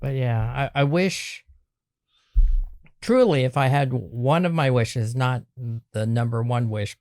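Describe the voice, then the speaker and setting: A man's voice: mid-range voice, darkish tone, dry recording, studio quality. A man, a photographer, talking earnestly and emphatically in a casual podcast chat. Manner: earnest, emphatic, repeats himself. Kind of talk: casual conversation.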